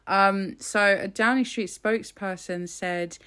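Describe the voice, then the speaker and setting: A woman in casual commentary, talking bluntly and scornfully and swearing freely. Her voice sits a bit low and has a gravelly fry. She fills her pauses with "um". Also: fairly bright tone.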